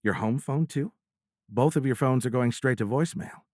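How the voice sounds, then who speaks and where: A man's voice: medium pitch, normal speed, a little mellow, no room sound, studio quality, voice pushed up, natural voice. A man voicing a playful, teasing woman pilot. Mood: affectionate. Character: adult woman, fiercely independent playful fighter pilot. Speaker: audiobook narrator voicing a character. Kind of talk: audiobook character voicing.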